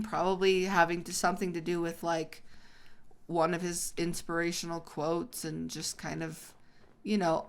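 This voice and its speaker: A woman hosts a gaming video, casually telling a story as she plays and breaking off into excited exclamations. Her voice is on the low side.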